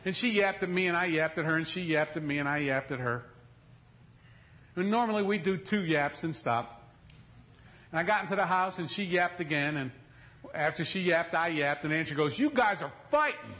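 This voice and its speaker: A middle-aged man preaching a sermon, telling a story with acted quotes, moving from loud to hushed. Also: on the high side, moderate pace, lo-fi sound. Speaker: pastor.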